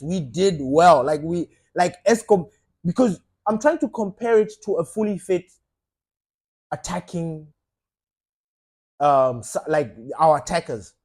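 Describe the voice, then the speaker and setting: A man's voice: on the high side, darkish tone, slightly rough. A man talking casually and animatedly as a football fan channel host, swearing now and then and repeating himself for emphasis. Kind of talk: casual opinion monologue.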